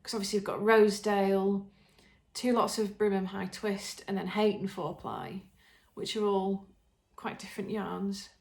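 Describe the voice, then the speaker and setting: A woman's voice: mid-range voice, darkish tone. An English woman hosting a podcast, chatting casually and enthusiastically with many ums and restarts. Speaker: podcast host showing knitting. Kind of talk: casual show-and-tell chat. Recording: roomy echo.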